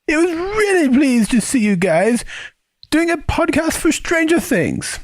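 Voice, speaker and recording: A man doing a shrill falsetto impression of a British woman reading a listener letter. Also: big pitch swings, unhurried, dry recording, exaggerated voice. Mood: hammy.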